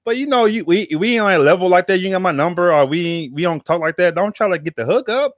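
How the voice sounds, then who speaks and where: A man's voice: high voice, animated, fast talker, no echo, clean studio sound. A man hosting a podcast in casual chat, rambling and repeating words with plenty of slang. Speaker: podcast host.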